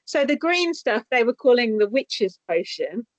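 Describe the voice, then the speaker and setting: Recapping a reality show on her podcast, this co-host chats casually, giggles, swears, and keeps things lively. She talks unhurriedly in a fairly high voice, recorded dry. The audio comes through a remote call mic with a dull, lo-fi sound.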